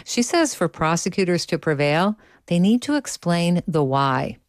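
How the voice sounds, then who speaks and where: A woman reporting a radio news story in a steady, even voice. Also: fairly low pitch, measured pace, no room sound, clean studio sound. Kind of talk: scripted radio news narration.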